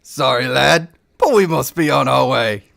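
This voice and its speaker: A man voicing a cocky male elf thief, a smooth talker, in a loose put-on Scottish lilt. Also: mid-range voice, expressive, a little slow, a bit bright, full character voice. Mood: smug.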